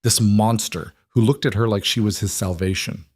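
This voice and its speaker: A man narrating a dramatic story in a steady, scripted reading. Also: lowish voice, moderate pace, no room sound.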